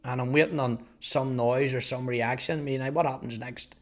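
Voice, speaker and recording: A man in his fifties with a Northern Irish accent, earnestly telling his life testimony, halting at times over repeated words. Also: medium pitch, steady tone. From Northern Ireland. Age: 50s. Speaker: testimony speaker. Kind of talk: personal testimony storytelling.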